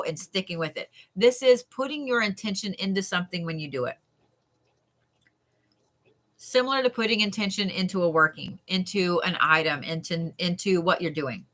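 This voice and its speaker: Chatty, bright-voiced woman reading cards. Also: mid-range voice. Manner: chatty and animated, with frequent laughs and yawns. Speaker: tarot reader. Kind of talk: live-stream card reading.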